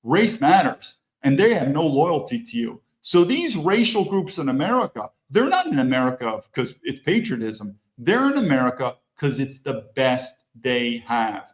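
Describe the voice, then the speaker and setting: A man's voice: mid-range voice, big pitch swings, moderate pace, few pauses. A man hosting a political commentary show, reacting bluntly to news clips with mocking asides.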